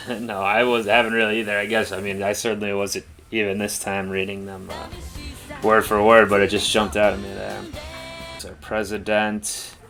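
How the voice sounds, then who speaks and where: A man's voice: fairly low pitch, flat delivery, moderate pace, gravelly, pushed and bright, faint music behind. A man co-hosting a reaction show, chatting casually in a rambling, laid-back way with lots of fillers. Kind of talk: casual chat.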